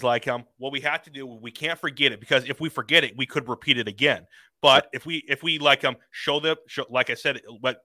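Halting young male podcast guest. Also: mid-range voice, bright, forceful tone, no room sound. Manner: halting, many "um" and "like" restarts. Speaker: podcast guest, hip hop artist. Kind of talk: casual podcast chat.

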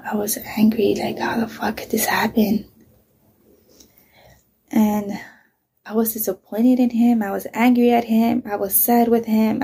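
A woman's voice: medium pitch, gravelly, warm tone, husky. A middle-aged woman, a mother, candidly telling a painful personal story, swearing often and sometimes dropping to a whisper.

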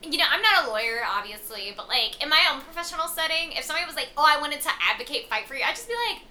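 A woman's voice: high voice, very fast, sharp tone. A woman co-hosting a podcast, chatting casually and expressively about a book, swearing and laughing along. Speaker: podcast co-host.

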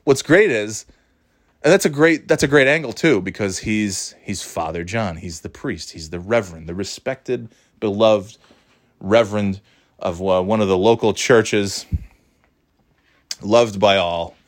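A man's voice: lowish voice, a little slow. A man in his thirties telling a story in a casual podcast chat, rambling with restarts, swearing and laughing at his own jokes. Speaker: podcast host.

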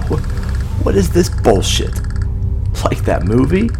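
A man voicing an injured, frantic man haunted by his dead ex, who swears and shouts in a raw, unhinged, pained way. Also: fairly high pitch, big pitch swings, slow pace, creaky, noisy background, voice pushed up, heavily acted. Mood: ranting. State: coughing and in pain.

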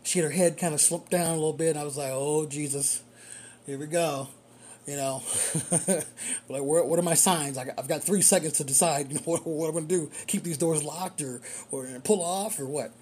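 A man who works as a rideshare driver, telling a story in a casual, animated way and chuckling often. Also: fairly high pitch, fairly quick, a little hiss or hum.

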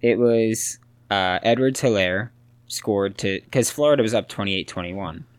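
A young man co-hosting a podcast, chatting casually about football in an animated way and laughing often. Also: fairly low pitch, unhurried, clean tone, no echo. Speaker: podcast co-host. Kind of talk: casual sports chat.

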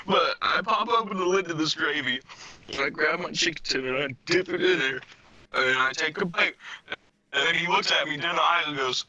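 A man's voice: fairly high pitch, big pitch swings, normal speed, bright, forceful tone, no room sound. A man co-hosting a podcast, retelling a story in casual chat, laughing often and swearing. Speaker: podcast co-host. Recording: dull lo-fi sound.

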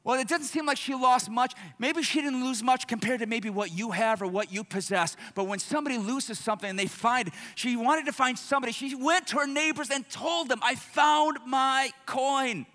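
Bright-voiced preacher man in a reverberant church. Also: very high voice, fairly quick, few pauses, soft background music. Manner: emphatic, repetitive preaching that builds to shouts. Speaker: pastor. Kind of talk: sermon. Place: church sanctuary.

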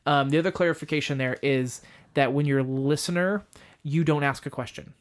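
A man's voice: fairly high pitch, brisk. A man teaching a communication method on a podcast, explaining step by step with a bit of self-deprecating humor.

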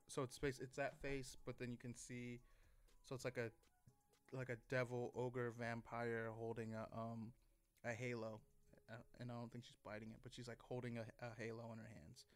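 A man's voice: medium pitch, flat delivery, moderate pace. A man talking casually on a podcast, telling a rambling story full of fillers, restarts and swearing. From Texas. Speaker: podcast host.

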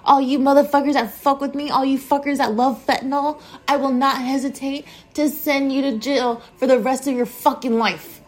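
A woman hosting her own podcast, talking in a loose, rambling monologue full of swearing and shout-outs to listeners. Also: sits high, steady tone, normal speed, hardly any pauses. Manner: profane, rambling, jokey. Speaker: podcast host. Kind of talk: casual monologue.

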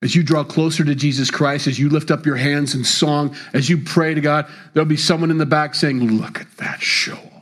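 A male pastor preaching a sermon, with animated delivery and sudden jumps in pitch on key words. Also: a little fast, hardly any pauses.

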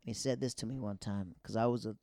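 A man who does stand-up comedy, telling stories in a casual, animated way and acting out the dialogue he quotes. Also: fairly low pitch, fast talker, vocal fry, dry recording, studio quality. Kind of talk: casual storytelling.

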